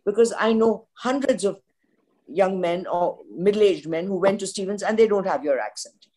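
An older woman with an Indian English accent, a veteran news journalist, speaks frankly on a podcast panel as a forthright, opinionated storyteller. Her voice is medium-pitched and dark, at a moderate pace.

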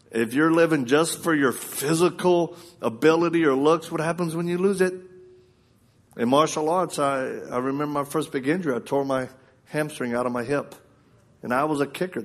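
A man preaching a live sermon, telling personal stories with laughs, then urging the crowd directly. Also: on the high side. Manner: lively storyteller who laughs often and acts out quotes.

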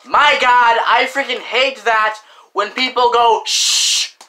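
A young man vents on camera in a slow, drawn-out way, leaning on filler words and mild curses. His voice is bright and a little tense, and his tone stays indignant and complaining throughout. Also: extremely high pitch, fairly even intonation, poor audio. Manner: indignant, repeats "frickin'" and "like" often, lots of filler. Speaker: vlogger. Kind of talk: casual ranting monologue.

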